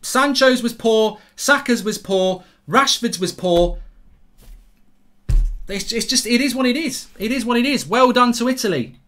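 English male football streamer, middle-aged, blunt sweary ranter, sharp tone. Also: very high-pitched, expressive, measured pace, faint music behind. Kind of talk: live match reaction.

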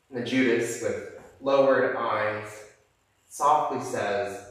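A man's voice: mid-range voice, slow pace, a bit bright. A man preacher giving a sermon, telling a story with frequent fillers and restarts in a church sanctuary. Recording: echoey church from a distance.

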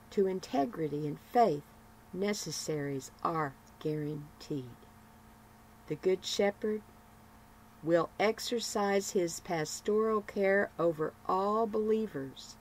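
Slow, measured woman reading a devotional. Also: on the low side, a little mellow, a little hiss or hum, low-quality recording. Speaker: devotional broadcaster.

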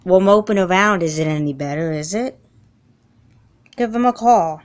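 A woman voicing a patient, busy mother who speaks calmly and reassuringly in a doll film. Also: on the low side, unhurried, clear, resonant tone. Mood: firm. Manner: calm, soothing reassurance.

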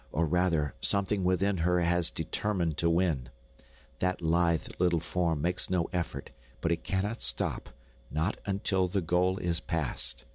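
A man narrating a classic children's story for an audiobook in a lively, expressive way. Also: low voice, no room sound. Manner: lively, expressive, rising with excitement. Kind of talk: scripted narration. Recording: dry studio recording.

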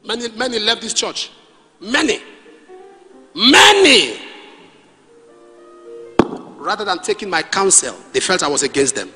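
A middle-aged Nigerian man preaching a sermon, animated and storytelling, with pidgin asides. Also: high-pitched, brisk, long reverb tail, soft background music. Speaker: pastor.

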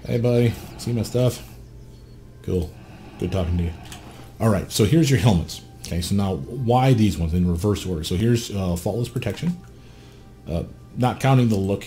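A man with a lowish, warm voice walks through a game character build as a gameplay guide host. He's casual and blunt, swears freely, and keeps asking the viewer questions in a conversational way.

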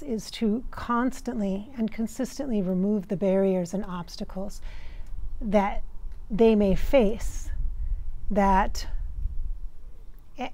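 An American woman working as a spiritual medium, relaying messages in a channeling session in a halting way, searching for words. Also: medium pitch, a little mellow, dry recording. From United States.

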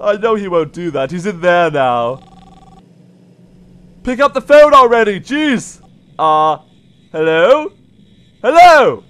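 A man voicing a jumpy, easily rattled male puppet who shrieks and yells through in-character game commentary. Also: high voice, animated, slow pace, long pauses, smooth, heavily acted. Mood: frantic. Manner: shrieking and yelling, then sudden mumbles. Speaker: let's play commentator.

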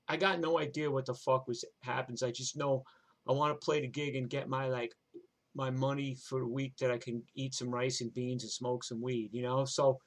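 An older man with a New York accent telling a rambling, profane story from his own life in a streetwise way. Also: mid-range voice. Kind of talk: live personal storytelling.

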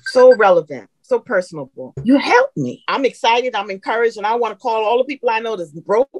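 A woman's voice: on the high side, brisk, no echo. Middle-aged woman gushing thru a testimonial, big emphatic swings, dry room. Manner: animated, emphatic, talks straight to the listener. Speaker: customer giving a testimonial. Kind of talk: emotional unscripted testimonial.

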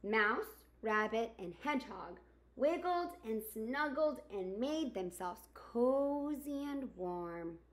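A woman teacher reading a picture book aloud to young children, expressive and asking her listeners questions. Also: on the high side, slow. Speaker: kindergarten teacher. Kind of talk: storybook read-aloud for children.

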